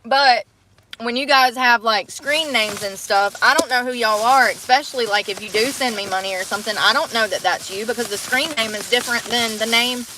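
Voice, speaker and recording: A woman's voice: a little high, brisk, noisy background. Woman with a drawl, chatty and rambling on a phone livestream, faint ambience behind her. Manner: rambling, chatty, talks to viewers while out on errands. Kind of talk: casual live-stream chat.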